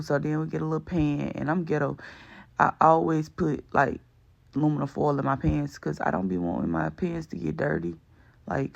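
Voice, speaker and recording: A man's voice: fairly high pitch, creaky, highs cut off. A man giving a chatty, slangy voice-over for his cooking video, rambling along with lots of fillers. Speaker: cooking vlog host. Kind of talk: casual voice-over narration.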